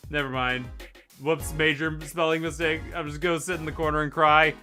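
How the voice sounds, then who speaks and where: A man's voice: fairly high pitch, level tone, brisk, bright, forceful tone, soft background music. A young man streaming a game, joking and self-mocking in casual commentary. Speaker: gaming streamer.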